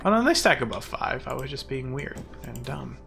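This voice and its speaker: A young male streamer chattering through a game in a rambling, self-mocking way, his pitch leaping around in a lively, animated sweep. The tone is bright with a gravelly fry underneath, over faint music and keyboard clicks. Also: normal speed. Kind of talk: casual gameplay chatter.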